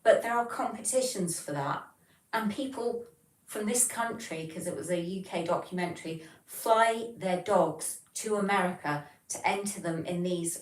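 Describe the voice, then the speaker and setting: A low-voiced woman from England with a general Southern English accent hosts a casual livestream, chatty and rambling as she reads chat messages aloud and answers them. The recording sounds roomy, as though she's some distance from the mic.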